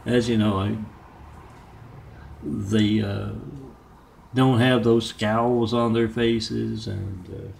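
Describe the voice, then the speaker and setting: A man talking in a rambling monologue of his own, halting and meandering with many filler pauses. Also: fairly low pitch, steady tone, creaky, a little mellow, a little hiss or hum. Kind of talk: rambling self-made monologue.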